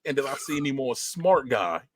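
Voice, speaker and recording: A man co-hosting a podcast in casual chat, animated and slangy, laughing often. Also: medium pitch, normal speed, a crowd in the background. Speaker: podcast co-host.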